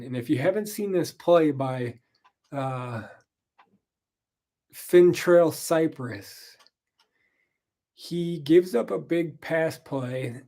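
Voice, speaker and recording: A tired, yawning podcast host rambles casually through a recap of the football weekend, speaking frankly with plenty of profanity and frequent ums. His voice is fairly high and warm-toned.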